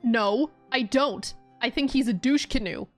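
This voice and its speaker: A woman's voice: on the high side, measured pace, soft background music. A young woman streaming a game, chatting casually and giggling often. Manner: giggly and playful, often laughing. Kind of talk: casual gameplay commentary.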